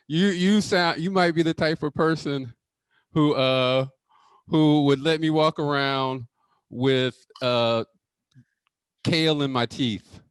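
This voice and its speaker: A man's voice: on the high side, unhurried, smooth, dry recording. A man who acts, chatting playfully and joking on a video call. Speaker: actor. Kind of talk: casual video call chat.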